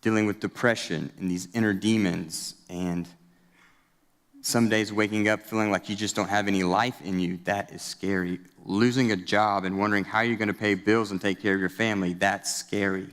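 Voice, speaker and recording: A man in his thirties, a student pastor, preaching a storytelling sermon in a conversational, animated way. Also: on the low side, moderate pace, big-room sound. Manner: conversational and animated, with casual fillers. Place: church sanctuary.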